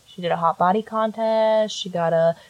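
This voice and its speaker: A woman's voice: medium pitch, fairly even intonation, normal speed, no room sound, dull audio. Blunt, sarcastic young woman storyteller. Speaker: podcast host recounting a case. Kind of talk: casual chat.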